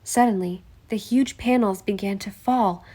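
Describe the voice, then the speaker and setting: A woman's voice: medium pitch, unhurried. A woman narrating a mystery novel chapter as an audiobook reader. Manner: steady storytelling. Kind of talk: scripted narration.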